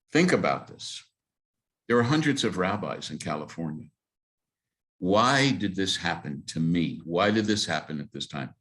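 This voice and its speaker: A man's voice: low-pitched, a bit bright. A man, a rabbi, telling personal stories to a congregation in an earnest, emphatic way. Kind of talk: storytelling talk to a congregation.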